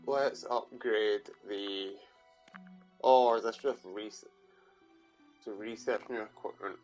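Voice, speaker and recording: Scottish lad, low voice, chatty game commentary, curses a lot, light music under. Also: male voice, steady tone, slow, darkish tone. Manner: casual, swears often, mutters. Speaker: gaming streamer. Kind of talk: let's play commentary.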